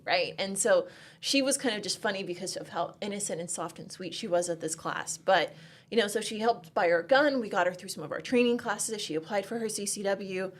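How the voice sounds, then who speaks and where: A woman's voice: mid-range voice, brisk. A woman who leads a women's shooting program, telling stories in a chatty, upbeat podcast conversation full of "like".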